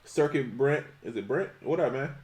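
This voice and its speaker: A man co-hosting a livestreamed podcast, his voice rising and dipping a lot as he talks. He banters in relaxed slang and laughs easily with his co-host. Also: mid-range voice, moderate pace, over loud music. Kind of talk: casual chat.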